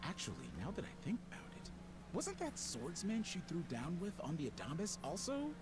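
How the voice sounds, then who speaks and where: A man's voice: a little high, wildly swooping pitch, moderate pace. An actor playing a teasing male pirate crewman with a mocking manner. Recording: distant game audio with background noise.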